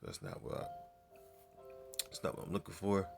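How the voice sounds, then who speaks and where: Deep gravelly man teaching scripture. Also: big pitch swings, faint music behind. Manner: halting, many fillers, reads verses aloud louder; muttering to himself while searching. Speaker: bible teacher.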